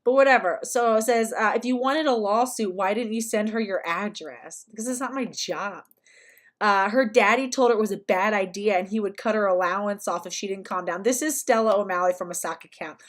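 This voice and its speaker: A woman's voice: medium pitch, a little fast. A young woman hosting a casual livestream, talking in a chatty, sarcastic way with lots of "like" fillers. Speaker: livestream host.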